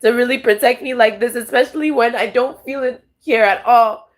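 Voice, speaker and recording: A woman's voice: a little high, fairly even intonation, normal speed. Raw, rambling woman vlogger venting. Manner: raw, rambling and profane, with many restarts. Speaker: tarot vlogger. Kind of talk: emotional monologue to camera.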